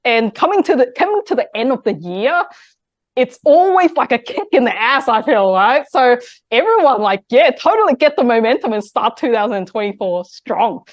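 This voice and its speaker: A woman's voice: on the high side, very animated, normal speed, dry recording, studio quality. A woman hosting an online session in a bubbly, gushing way, laughing often. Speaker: host. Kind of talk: casual chat.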